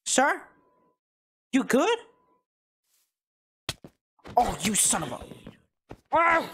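A man streaming a casual let's-play, with a voice that leaps up and down as he reacts. He jumps from muttering to loud yelps at whatever happens on screen. Recorded on a home streaming mic. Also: sits high. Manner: excitable, reacts loudly to the game. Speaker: gaming streamer.

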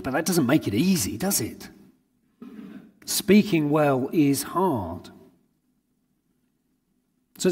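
A man's voice: medium pitch, darkish tone, husky. A man giving an earnest sermon at a conference, drawing on everyday anecdotes to make his points. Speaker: conference speaker. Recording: long hall reverb.

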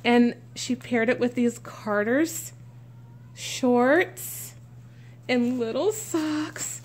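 A woman's voice: fairly high pitch, extremely slow. A woman vlogger chatting through an unboxing, gushing and exclaiming with frequent gasps. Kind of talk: unboxing vlog chat.

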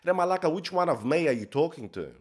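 A man's voice: a little high, very animated, quick pace, husky. A man playing a brash, crude life coach, swearing in a swaggering, mock-profound comic monologue. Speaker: comedy character host.

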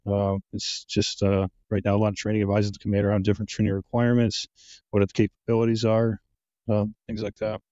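Low, flat-voiced man with a muffled sound. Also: fast, no echo. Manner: laid-back, hesitant, many "uh" and "you know". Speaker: guest, penetration tester. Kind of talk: casual interview answers.

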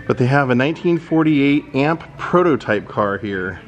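A man's voice: mid-range voice, expressive, normal speed, dull audio, faint music behind. A man giving a casual, admiring walking tour of a car museum, thinking aloud as he goes. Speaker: vlogger touring a car museum.

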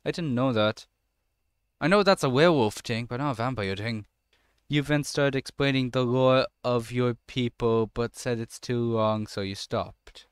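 A man's voice: medium pitch, a little slow, smooth, no echo, studio quality. A young man giving sarcastic let's-play commentary on a horror game, swearing casually and talking back to the characters. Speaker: gamer playing a horror game.

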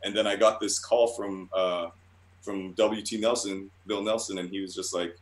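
A man with a fairly low voice tells loose, rambling stories in a casual interview. He swears freely and pokes fun at himself as he goes. The recording has a roomy, echoey sound. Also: little pitch movement, normal speed. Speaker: guest cartoonist.

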